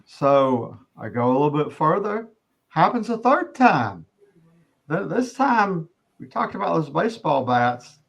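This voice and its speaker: Earnest middle-aged man, higher voice. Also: sing-song, creaky, a bit bright, slightly rough, highs cut off. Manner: earnest, halting with restarts. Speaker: interview guest. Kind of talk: personal testimony.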